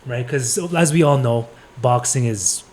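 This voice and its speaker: A man hosting a casual interview podcast, asking loose, relaxed questions full of fillers. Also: mid-range voice, measured pace, slight background noise. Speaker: podcast host.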